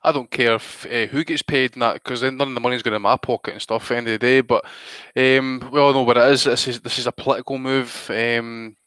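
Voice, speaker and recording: A male co-host giving opinionated boxing takes, repeating himself and filling gaps with ums. His pitch is ordinary, and the sound is dry and close. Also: fairly even intonation, fairly quick, a bit bright, clean tone, no echo. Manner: opinionated, rambling with fillers. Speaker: podcast co-host. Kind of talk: casual boxing chat.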